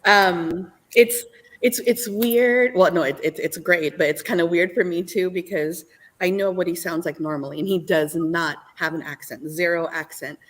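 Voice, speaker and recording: A woman guest in casual live-stream chat, animated and laughing often as she restarts her phrases. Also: fairly low pitch, moderate pace. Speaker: guest artist.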